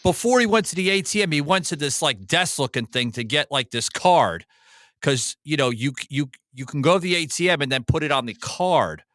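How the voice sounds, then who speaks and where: A man hosting a casual podcast, telling a story in a profane and animated way. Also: on the high side, brisk, no echo. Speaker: host.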